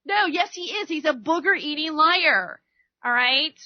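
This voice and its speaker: A woman's voice: sits high, animated, unhurried, no echo. A woman hosting a radio talk show, delivering a rambling, heated political rant full of stammered restarts and acted-out quotes of arguments. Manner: acts out arguments by quoting others. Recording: dry, dull lo-fi radio recording.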